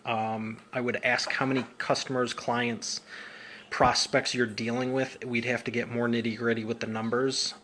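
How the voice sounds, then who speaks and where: A man's voice: mid-range voice, fairly bright tone, slight background noise. A man working as a business coach, answering viewer comments in a casual, upbeat live Q&A with informal slang.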